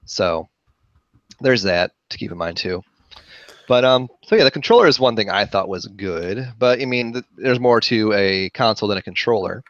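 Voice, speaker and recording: A man co-hosting a podcast, talking casually with many pauses and fillers. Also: lowish voice, lively intonation, fairly bright tone, dry recording. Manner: hesitant, many fillers, trails off. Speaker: podcast co-host. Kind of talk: casual chat. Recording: dull, muffled podcast audio.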